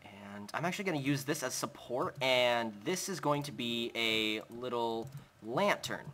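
A young gaming host talking slowly with a bright, forward tone. He narrates his Minecraft building step by step and chats to his pet. A faint hum sits under his desk mic. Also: medium pitch, animated. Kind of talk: casual Minecraft let's play commentary.

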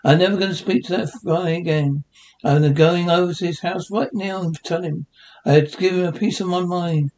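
A man voicing a blustering, hot-tempered stone-age husband in a cartoon voice recreation, loud and bossy. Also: high voice, steady tone, normal speed, a little hiss or hum, close to an everyday voice. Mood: angry.

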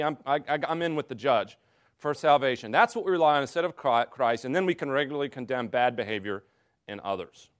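A man's voice: medium pitch, a bit bright. American man teaching a Bible study. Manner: earnest, conversational teaching with rhetorical questions. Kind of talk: classroom Bible study lecture.

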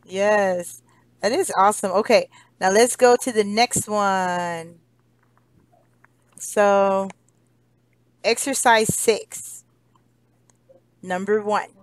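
A woman's voice: medium pitch, fairly even intonation, extremely slow, pauses often, no room sound. An American woman teaching English to a child online, cheerful and encouraging, laughing often. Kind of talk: one-on-one kids' lesson.

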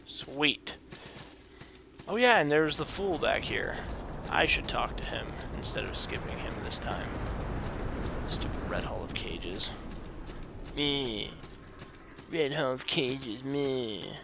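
A man's voice: medium pitch, animated, slow pace, noisy background. A man commentating his own video game play, talking to himself, reading game text aloud and yelping and groaning at setbacks into a desk microphone. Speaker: let's play host. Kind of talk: gameplay commentary.

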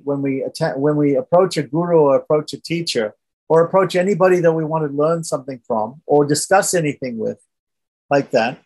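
A man teaching a scripture class, retelling a story in a conversational way and often checking in with the listeners. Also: a little high. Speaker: religious teacher.

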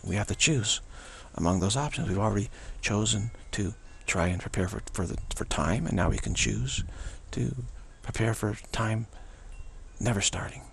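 Gravelly low-voiced man teaching spirituality. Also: normal speed. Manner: rambling and repetitive, with frequent restarts. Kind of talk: unscripted spiritual teaching monologue.

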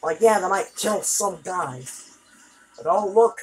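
A woman doing let's play commentary, exasperated and swearing, with loud outbursts. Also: on the low side, a little slow, slight background noise, low-quality recording. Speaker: gameplay video creator.

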